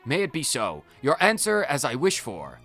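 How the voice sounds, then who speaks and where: A man's voice: medium pitch, big pitch swings, moderate pace, fairly bright tone, faint music behind. A man voicing a solemn female ranger in a video game, with a thick put-on accent and stiff, formal phrasing. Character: solemn female ranger who distrusts people.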